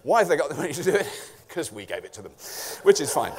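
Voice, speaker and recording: A man's voice: on the high side, big pitch swings, fast, hardly any pauses, slight background noise. A middle-aged man from England giving a comic conference talk, sweary, jokey and sarcastic. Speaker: conference speaker.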